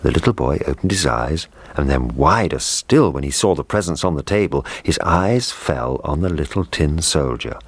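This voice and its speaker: A man reading a children's story aloud, slow, gentle and measured. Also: very deep voice, lively intonation, slightly rough, no echo.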